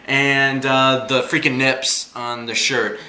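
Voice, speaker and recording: Bright-voiced, slangy male movie reviewer. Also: mid-range voice, flat delivery, takes it slowly. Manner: enthusiastic, slangy, joking. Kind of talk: casual movie review vlog. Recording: echoey room with faint hum.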